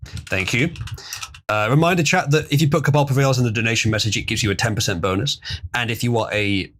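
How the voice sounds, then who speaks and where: A man with a fast, mid-range, slightly bright voice hosts a casual livestream. He rambles and chuckles as he chats loosely and reads out viewer donations.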